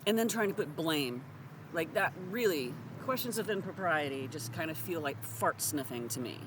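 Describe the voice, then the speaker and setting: A woman's voice: sits low, lively intonation, moderate pace, background noise. A woman giving a blunt, sarcastic, profane monologue to her audience. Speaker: social commentator. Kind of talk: direct-to-camera monologue.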